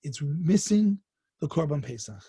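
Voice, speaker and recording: A man's voice: on the high side, big pitch swings, measured pace, mellow, slightly rough, no room sound, studio quality. A man, a rabbi, giving a Torah lesson, telling the story and building to fervent emphasis.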